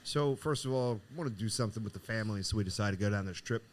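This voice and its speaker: Man, middle-aged, low voice, lively storyteller in casual podcast chat. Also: fast, slight background noise. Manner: animated, acts out the voices in his story. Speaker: podcast co-host. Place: cigar shop.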